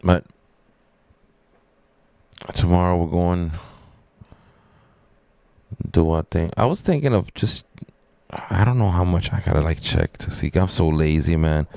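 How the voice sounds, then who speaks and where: A man chats on a live stream in a rambling, laid-back, profane way. His voice is deep and gravelly but smooth, and he speaks at a slow pace. The sound is close and dry. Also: dark tone, no room sound. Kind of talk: casual live-stream chat.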